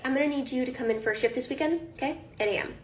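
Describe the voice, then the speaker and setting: A woman's voice: sits high, rapid-fire, reverberant, slight background noise, natural voice. A woman playing a pushy boss who guilt-trips her employee and brushes off objections. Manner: pushy, dismissive, guilt-tripping. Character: pushy demanding female boss.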